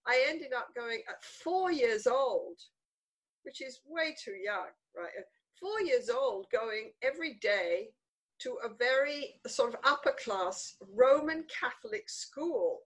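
Older Englishwoman, interview guest, slightly high voice, emphatic and repetitive for effect. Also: slow, low-quality recording. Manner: animated, emphatic, repeats words for stress. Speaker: guest author. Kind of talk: conversational interview storytelling.

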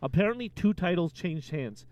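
A man co-hosting a casual podcast, telling jokey sports stories and rants in an animated way. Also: high-pitched, normal speed, highs cut off. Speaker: podcast co-host.

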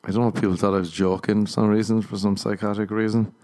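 A male comedian rambles through a podcast monologue in a low, mellow voice. His delivery is dry and offhand, and he often laughs at his own jokes. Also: flat delivery, quick pace.

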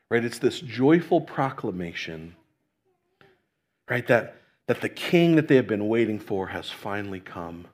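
A man delivers a Sunday sermon, his voice sitting a little higher than most men's. He talks it through casually, restarting phrases and adding "right?" to bring the listeners along. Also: animated, normal speed. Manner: conversational preaching with fillers and restarts, asking "right?". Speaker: pastor.

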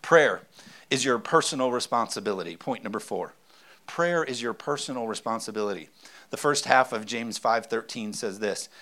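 A man's voice: medium pitch, animated, moderate pace, pushed and bright. A man in his thirties, a pastor preaching a sermon with emphasis and often calling out for an amen.

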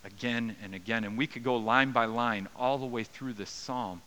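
Bright-voiced male pastor preaching earnestly. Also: mid-range voice, normal speed, low-quality recording. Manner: earnest, dynamic preaching with soft drops and raised cries. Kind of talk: sermon.

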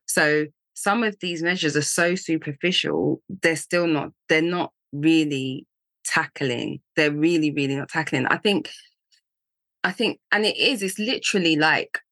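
A woman co-hosting a podcast, talking in a thoughtful, animated, casual way. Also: sits low, unhurried, dry recording. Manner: thoughtful, animated, laughs easily. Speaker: podcast co-host. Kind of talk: casual chat.

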